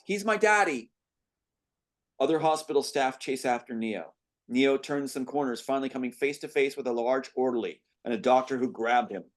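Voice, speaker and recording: A man with a medium-pitched, slightly mellow voice reads through his own script, playing every role himself. He keeps stopping to comment, and his voice catches, choked up with emotion, as he goes.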